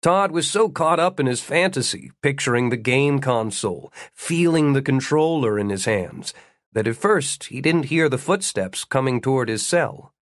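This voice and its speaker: A man's voice: medium pitch, lively intonation, normal speed, no echo. Male audiobook narrator, dry close sound. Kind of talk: scripted narration.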